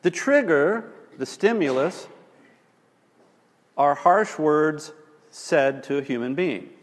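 A man's voice: on the high side, slow pace, long reverb tail. A man teaching about marriage conflict, telling stories with wry asides. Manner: animated, storytelling, wry asides.

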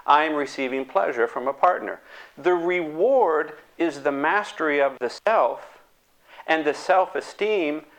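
A man delivering a lecture in a slightly high voice. He is animated and slips into little acted voices to bring his examples to life. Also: a little slow. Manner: animated, acts out quoted voices.

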